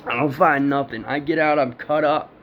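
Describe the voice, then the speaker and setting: A storyteller with a fairly high pitch keeps a steady tone at normal speed while describing a personal encounter. He rambles, swears, and laughs frequently, and the dull lo-fi recording has faint background noise.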